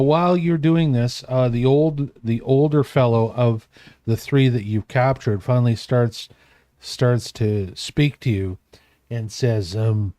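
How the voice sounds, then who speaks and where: A man's voice: medium pitch, dark tone, no room sound. A man running a tabletop game as game master, narrating in a meandering, self-correcting way.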